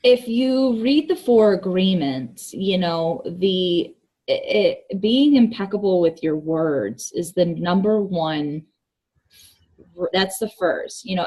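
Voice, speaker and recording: A woman guest speaking in a relaxed, reflective way during a casual conversation. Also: fairly low pitch. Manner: slow, reflective, thoughtful. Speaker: guest, gym worker.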